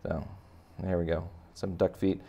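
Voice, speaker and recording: A man's voice: sits low, flat delivery, unhurried, gravelly, mellow, breathy edge. A man teaching kids to draw, chatting casually and making joking asides while he sketches. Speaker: art teacher. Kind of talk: casual drawing tutorial for kids.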